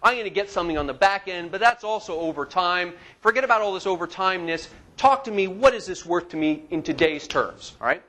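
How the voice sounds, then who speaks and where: This lecturer, a man in his forties, speaks briskly with few pauses in a voice that sits high. He keeps his lecture-hall class lively by asking the audience questions.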